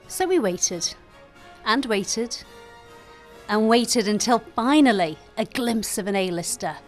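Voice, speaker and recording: A woman's voice: a little high, animated, slow, soft background music. A woman presenting and reporting for regional TV news, playful and chatty.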